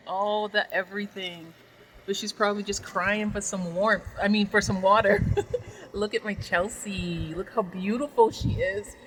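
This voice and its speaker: A woman's voice: medium pitch, a bit bright, a little hiss or hum, rough recording. A woman vlogging a casual tour of her greenhouse, gushing affectionately and talking to her plants as she walks around with a handheld phone.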